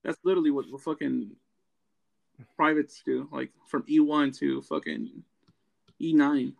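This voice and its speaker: A man's voice: on the high side, steady tone, measured pace, vocal fry. A man from California, a former Marine, ranting bluntly in casual chat with heavy profanity.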